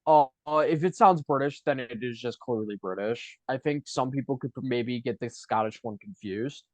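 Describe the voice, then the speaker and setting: A man's voice: medium pitch, normal speed, a little mellow, no echo. A man with a Buffalo, New York accent, co-hosting a podcast in casual chat and hedging a lot as he talks. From Buffalo, New York, USA. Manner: rambling, hedging with lots of fillers. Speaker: podcast co-host. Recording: dry, slightly dull lo-fi sound.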